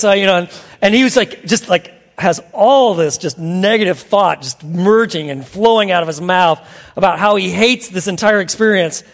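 A male pastor preaching a sermon, telling a story with animated delivery that swings between loud bursts and hushed, earnest asides. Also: high voice, normal speed, long reverb tail.

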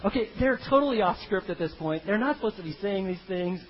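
Male preacher, high and lively, playful storytelling delivery; muffled lo-fi sound. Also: quick pace, slight background noise. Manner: animated, comic, acts out biblical characters in funny voices. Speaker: pastor. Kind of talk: sermon.

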